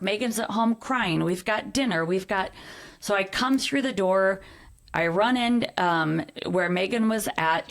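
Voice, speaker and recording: Guesting on a podcast, a middle-aged woman with a mid-range voice earnestly relates a personal story, performing the dialogue she quotes.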